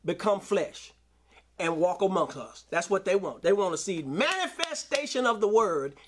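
Male preacher, high voice, AAVE, sermon delivery with call-outs. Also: sing-song, normal speed, noisy background. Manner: preaching with call-outs and scripture reading, rising to shouts. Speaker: pastor.

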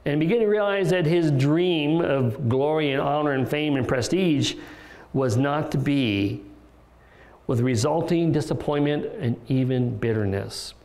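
A man's voice: on the high side, unhurried, darkish tone, roomy sound. A male pastor preaching an expository sermon in a conversational way, with restarts and rhetorical questions. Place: church sanctuary.

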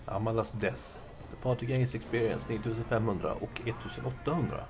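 A man's voice: lowish voice, steady tone, brisk, noisy background. A man from Sweden with a Swedish accent, casually commenting on his gameplay and reading out game text. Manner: mutters and mixes two languages. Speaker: let's play gamer.

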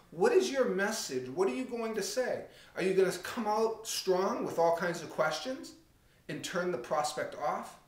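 A man giving a direct, conversational real estate coaching talk, acting out anecdotes with lively energy. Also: high voice, roomy sound.

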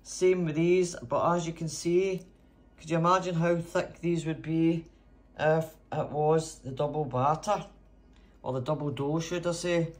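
A man's voice: on the high side, steady tone, unhurried. A man chatting casually in his home kitchen as a cooking vlogger, theatrical and full of cheery exclamations.

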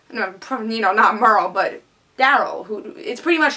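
A woman's voice: on the high side, normal speed, bright, forceful tone. A woman giving a casual, eager TV episode review, chatty and full of fillers. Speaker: TV show reviewer.

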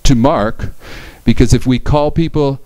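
Guy reading bible verses and unpacking them, smooth clear voice, dry close mic. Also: mid-range voice, a little slow, dark tone, dry recording, poor audio. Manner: reads scripture aloud and explains it, with frequent restarts. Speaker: Bible study presenter. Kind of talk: Bible study lecture.

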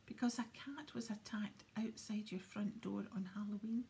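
Cautious sceptical schoolgirl, lady whispering her, whispered role-play, soft mellow. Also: mid-range voice, steady tone, normal speed, a little hiss or hum, lightly acted. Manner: hushed, sceptical. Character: sensible, cautious teenage schoolgirl.

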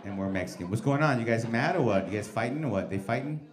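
A man's voice: fairly low pitch, lively intonation, quick pace. Brash, profane comedian in his forties. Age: 40s. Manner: profane, brash, teasing the audience. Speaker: stand-up comedian. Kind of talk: stand-up crowd work. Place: comedy club stage. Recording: echoey club with crowd noise. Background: laughing club audience.

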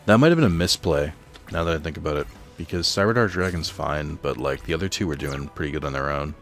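A man's voice: rumbling low, fast, soft background music. A man thinking aloud while he plays a card game at home, rambling and reading out card text in casual commentary. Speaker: let's play host. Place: home apartment.

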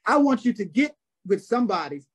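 Husky-voiced man preaching a sermon. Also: high-pitched, sing-song, brisk. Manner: storytelling, repeats phrases for emphasis, addresses "brothers". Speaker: guest preacher on a prayer call.

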